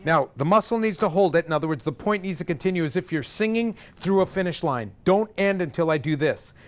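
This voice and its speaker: A male vocal coach leading a live group singing workshop, energetic and directive, joking with the singers. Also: a little high, a little fast.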